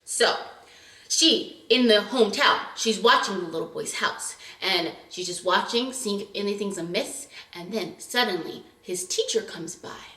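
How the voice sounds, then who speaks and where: A young woman vlogger recapping a drama in animated, chatty casual talk, acting out scenes as she goes. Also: mid-range voice, a little slow, reverberant.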